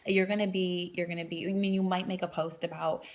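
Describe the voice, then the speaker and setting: Fast-talking woman coach. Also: lowish voice, level tone. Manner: rambling, lots of fillers and restarts. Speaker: coach trainer. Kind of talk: casual training talk.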